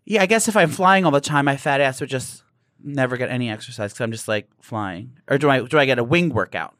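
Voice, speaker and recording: A man chatting casually with a co-host, campy and self-deprecating, talking in an animated way. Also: mid-range voice, quick pace, no echo, studio quality. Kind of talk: casual chat.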